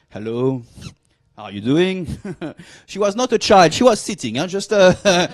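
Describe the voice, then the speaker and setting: A man with a French accent performs stand-up on a comedy club stage, teasing the crowd with mock arrogance. His voice sits fairly high for a man, and he likes to drag out his punchlines. He sounds like someone in his forties who is enjoying himself. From France. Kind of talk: stand-up routine.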